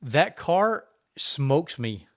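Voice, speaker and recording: A man's voice: a little high, very slow. Man telling a track-day story. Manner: animated anecdote-telling, acting out quoted exchanges. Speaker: podcast co-host. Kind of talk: casual storytelling chat.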